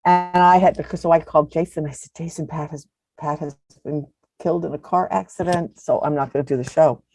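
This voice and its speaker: A woman's voice: sits low, steady tone, brisk. A woman in her seventies, a podcast guest, telling stories in a chatty way and laughing often. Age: 70s. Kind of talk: casual interview chat.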